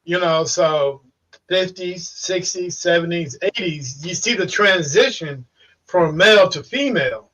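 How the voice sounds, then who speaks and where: A man's voice: high voice, unhurried, pushed and bright. A man who investigates haunted places, talking in casual podcast chat, rambling and swearing with repeated words. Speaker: paranormal investigator and podcast guest. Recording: dull distant call audio.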